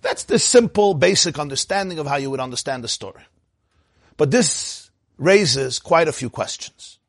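A man giving a Torah lecture, telling a Talmudic story with animated storytelling and Hebrew and Yiddish phrases. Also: on the high side, slightly rough, no room sound, studio quality. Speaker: rabbi teaching.

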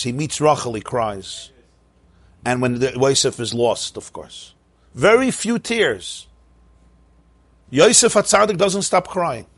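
A man giving a Torah class as a rabbi, lively and questioning, with mock-cheerful asides. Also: a little high, no room sound.

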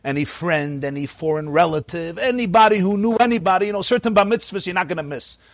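A man preaching, telling a story in an animated, conversational way with frequent asides. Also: sits high, fast, no echo. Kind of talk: sermon storytelling.

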